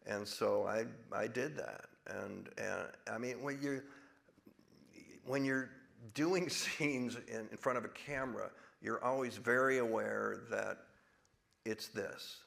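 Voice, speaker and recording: A man's voice: on the low side, slow pace, gravelly, fairly bright tone. A man in his sixties, an actor guest in a live stage conversation, talking in a rambling way with many restarts. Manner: rambling with restarts, drops into big put-on voices when quoting.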